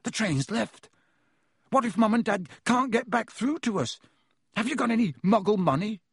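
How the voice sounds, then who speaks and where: A man voicing an excitable young teen wizard boy who talks in eager, urgent bursts. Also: fairly high pitch, normal speed, husky, no echo, clean studio sound. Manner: eager, urgent, breathless chatter.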